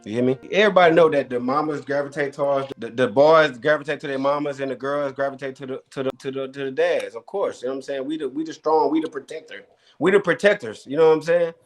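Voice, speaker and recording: A man's voice: medium pitch, fast, faint music behind. A man arguing his point in a casual debate, emphatic and rambling, circling back over the same words. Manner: emphatic, rambling, repeats himself. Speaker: debate contestant.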